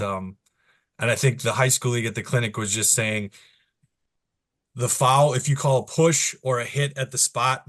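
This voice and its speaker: A man's voice: lowish voice, a bit bright. A man explaining how officials speak to players, stepping into short, raised court calls as examples. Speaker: basketball officiating instructor. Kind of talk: instructional talk to new officials.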